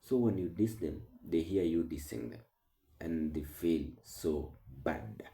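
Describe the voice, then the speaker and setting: A man hosting a commentary channel, talking through online clips with halting speech, many fillers and restarts. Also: low-pitched, expressive, gravelly, mellow, roomy sound, poor audio.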